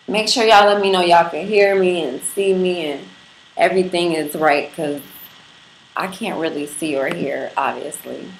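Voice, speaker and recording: A woman's voice: fairly low pitch, moderate pace, creaky. Brash New woman on a livestream. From Brooklyn. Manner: brash, profane, playful, addresses viewers directly. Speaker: livestream host. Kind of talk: casual livestream chat. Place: apartment room in Brooklyn. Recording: echoey room with faint background noise.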